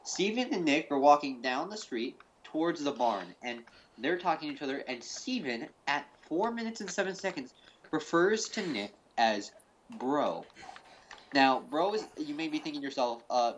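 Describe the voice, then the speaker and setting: A man's voice: fairly high pitch, animated, moderate pace, slight background noise, low-quality recording. A man hosting a mock-serious fan-theory presentation over a call. He rambles, with lots of fillers and restarts. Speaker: host. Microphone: call recording.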